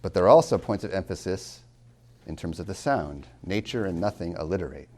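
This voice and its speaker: A man lecturing on poetry as a college tutor. He slows down to stress key words, swings from loud to near-whispered, and drops wry asides to his students. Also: deep voice, expressive. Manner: dramatic swings in loudness, drops to near whispers when savoring lines; slow, deliberate emphasis on key words.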